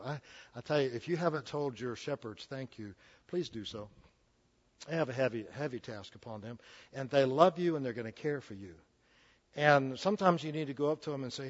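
A man's voice: mid-range voice, animated, brisk, lo-fi sound. A man in his sixties delivering a folksy, joking sermon, often restarting his sentences. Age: 60s. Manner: folksy, jokey, with frequent restarts. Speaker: preacher.

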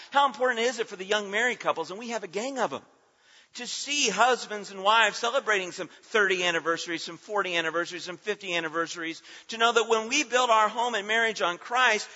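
A man's voice: sits high, sharp tone, in a large hall, muffled recording. A man preaching a sermon in a church, with emphatic, rhythmic repetition that swells and drops. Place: church sanctuary.

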